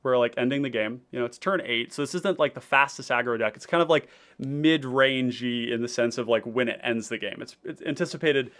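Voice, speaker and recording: Male host, casual stream chatter, rambly with lots of fillers, mid-pitched voice. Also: a bit bright. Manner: rambling, many fillers and restarts, reading chat aloud. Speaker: deck-building host. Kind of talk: casual livestream chat.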